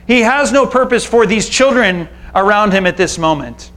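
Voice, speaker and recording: A bossy, dismissive disciple shooing people off, as a high-voiced man preaching puts him on. The delivery stays close to the speaker's own voice. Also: lively intonation, normal speed, fairly bright tone. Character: brusque male disciple shooing parents away.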